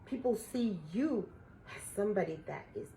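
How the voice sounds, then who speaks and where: A woman doing a casual spiritual tarot reading for her viewers, emotional and a little profane, swinging between excited outbursts and hushed awe. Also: medium pitch, moderate pace, gravelly, slight background noise, low-quality recording. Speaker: tarot reader.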